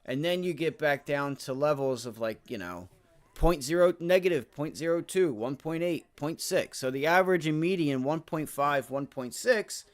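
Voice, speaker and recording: A man hosting a live day-trading stream, talking casually to viewers while reading charts, muttering, cursing at his software and tossing in "right?" and "my friend" all the time. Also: fairly high pitch, expressive, normal speed. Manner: repeats filler words like right and my friend. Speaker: livestream day trading host.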